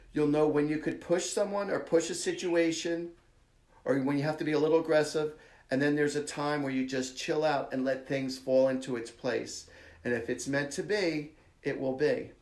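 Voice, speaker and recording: A man's voice: on the high side, fairly even intonation, moderate pace, a little mellow. A man hosting a live-stream psychic reading for viewers, talking in a casual, blunt, chatty way. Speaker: psychic medium host. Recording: echoey room.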